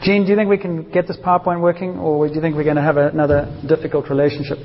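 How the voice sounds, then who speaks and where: A man's voice: on the high side, little pitch movement, rapid-fire, heavy background noise. A man from South Africa preaching a sermon in an informal, joking way and speaking straight to his congregation. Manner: informal and joking, talks to the audience. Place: church hall. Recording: dull reverberant hall.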